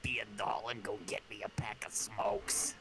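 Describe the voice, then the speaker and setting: A man's voice: on the low side, sing-song, moderate pace, in a whisper, music in the background, voice pushed down. A man putting on a chain-smoking ninety-year-old lady. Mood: bossy.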